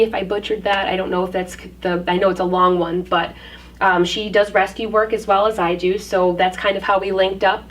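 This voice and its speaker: Earnest woman talking from a distance. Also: mid-range voice. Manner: earnest, filler-heavy, with frequent ums. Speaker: guest, dog park organizer. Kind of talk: casual interview talk. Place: community hub building, indoors. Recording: distant mic, faint room noise.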